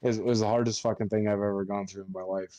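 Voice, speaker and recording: A funeral director with a lowish, warm voice chats on a podcast in a flat, rapid-fire delivery with no room sound. It's casual conversation, and he swears a lot while telling his stories.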